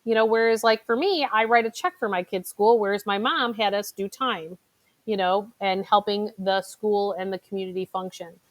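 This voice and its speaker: A woman's voice: medium pitch, fairly even intonation, moderate pace. A middle-aged woman, a financial advisor giving a motivational talk in a chatty storytelling way, full of fillers. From Chicago.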